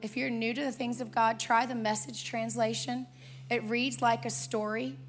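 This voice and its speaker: A woman pastor leads a live church service, her voice a little high and earnest. She stretches key words as she leads the room in prayer. Soft music runs beneath her. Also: little pitch movement, moderate pace. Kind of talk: sermon with altar call and prayer. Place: church auditorium, also streamed online.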